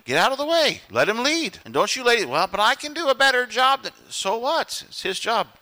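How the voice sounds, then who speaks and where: A man preaching to his congregation with a bright, clear voice that sits a little high for a man. He is earnest and direct, and he acts out quoted lines in funny voices. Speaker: pastor. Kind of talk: sermon.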